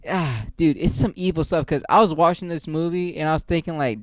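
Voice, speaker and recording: A man rants casually about a movie in a profane, rambling, joking way. His voice sits fairly high for a man. The sound is dry and close. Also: fairly quick, few pauses, dry recording. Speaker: channel host reviewing a movie.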